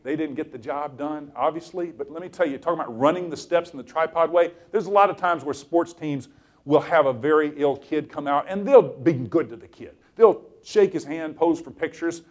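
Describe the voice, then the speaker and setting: A middle-aged man giving a motivational talk, telling a story with lively, animated delivery and acted-out quotes. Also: a little high, moderate pace. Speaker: inspirational speaker.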